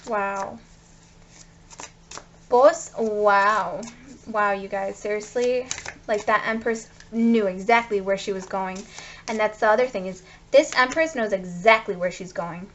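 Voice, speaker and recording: A woman's voice: mid-range voice, normal speed, muffled recording, slight background noise. A woman giving a tarot card reading, gushing and speaking straight to her viewers. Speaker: tarot reader.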